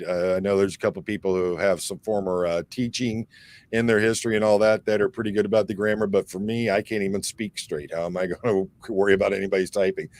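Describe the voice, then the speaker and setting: A man's voice: fairly low pitch, darkish tone. Rambling man hosting a livestream. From Michigan, near Detroit. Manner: rambling, reads viewer comments aloud with many fillers. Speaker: livestream host reading chat. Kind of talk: casual livestream chat.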